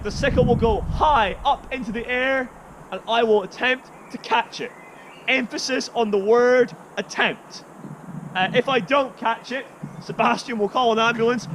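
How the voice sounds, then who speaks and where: A man performing as a juggler, talking to the camera in theatrical, playful showman's patter. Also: very high voice. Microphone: camera run by an assistant. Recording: noisy outdoor recording.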